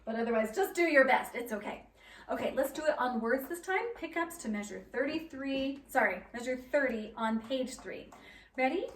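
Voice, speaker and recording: High-voiced woman leading a children's choir. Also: animated, normal speed, slight background noise. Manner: upbeat, encouraging, counts in and sings demonstrations. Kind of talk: choir rehearsal instruction. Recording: echoey room, mic at a distance, keyboard.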